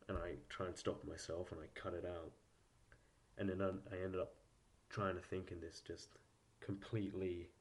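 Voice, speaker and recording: A man hosting a solo podcast, thinking aloud in a halting, rambling way with many restarts, his voice a little posh and nasal. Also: low voice, darkish tone. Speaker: podcast host. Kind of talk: solo reflective podcast monologue.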